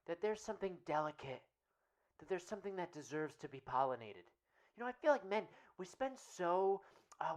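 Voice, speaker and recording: A woman playing a rambling earnest radio guru. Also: sits low. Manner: rambling, earnest, repeats "right?" constantly. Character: earnest man radio host, rambling self-help guru. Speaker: radio show host. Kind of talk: comedic parody radio monologue.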